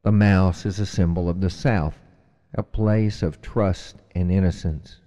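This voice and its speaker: A man telling a traditional animal story and reflecting on its meaning, in a measured, reflective storytelling manner, with a long hall reverb. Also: low-pitched, steady tone, dark tone. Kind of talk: storytelling narration.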